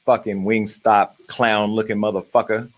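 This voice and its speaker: A man's voice: on the low side, little pitch movement, normal speed. A man hosting a celebrity gossip show, ranting crudely and brashly with a stream of insults. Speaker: host. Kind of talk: profane comedic celebrity gossip.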